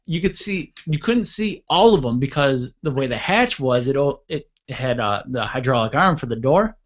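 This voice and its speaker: Animated storytelling man, lo-fi sound. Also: on the high side, normal speed. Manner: animated, acts out quoted voices loudly. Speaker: podcast host. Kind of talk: casual storytelling. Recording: dull lo-fi audio.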